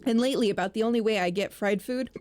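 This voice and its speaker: A woman chatting casually as co-host of a stream, relaxed and laughing often, bothered by hiccups. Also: fairly high pitch, fast talker. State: has the hiccups. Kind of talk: casual chat.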